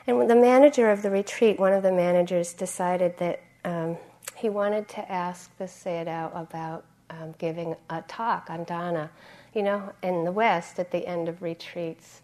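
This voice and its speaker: A woman meditation teacher giving a conversational dharma talk, often clearing her throat. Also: on the low side, fairly even intonation, moderate pace, hardly any pauses, mellow.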